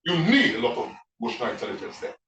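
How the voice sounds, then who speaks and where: Male guest speaker, bright and lively, keeps quizzing the crowd, heard from afar in an echoey room. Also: medium pitch, very fast, far from the mic, a little hiss or hum. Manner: animated, keeps asking the audience questions. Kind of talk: interactive talk to a live audience.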